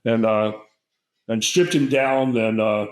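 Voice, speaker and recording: A man's voice: mid-range voice, fairly even intonation, slow pace, reverberant, poor audio. An older man, a guest herbalist, telling a long, digressive story in a casual interview and acting out the people in it. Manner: rambling, digressive storyteller who acts out quotes.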